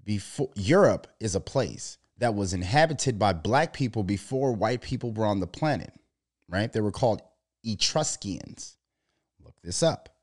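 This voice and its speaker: A man talking in a loose, profane monologue, telling animated stories and putting on mocking voices as he quotes people. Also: lowish voice, unhurried. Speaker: podcast co-host. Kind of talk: casual monologue.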